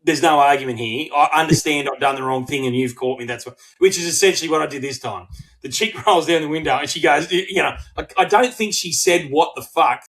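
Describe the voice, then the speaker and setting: A middle-aged Australian man co-hosting a podcast, telling a story in casual chat, swearing freely and acting out quotes in animated bursts. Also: on the high side, quick pace, low-quality recording. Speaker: podcast co-host.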